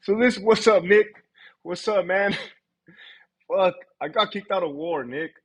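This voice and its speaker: Man, livestream host, husky and a bit high-pitched, loose and profane storyteller. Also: measured pace. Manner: animated, profane, laughs often. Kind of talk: casual storytelling on a live stream.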